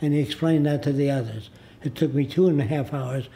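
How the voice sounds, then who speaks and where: This is a gravelly, slightly high male voice with a dark tone. He is a man in his nineties from the United States, a studio interview guest who spins his tales slowly and deliberately, voicing the characters he describes.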